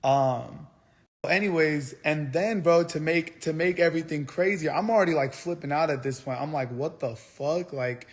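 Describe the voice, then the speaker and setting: A man's voice: fairly high pitch, moderate pace. Heated young man ranting on stream. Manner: heated, swearing, rambling with restarts. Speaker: streamer on a live broadcast. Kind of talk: angry livestream rant. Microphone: phone.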